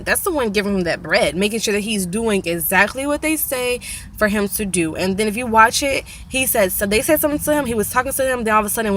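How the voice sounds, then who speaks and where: Young woman, casual vlog monologue, animated and chatty, mid-pitched voice. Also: slight background noise. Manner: animated, mimics slang in a raised voice. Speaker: vlogger.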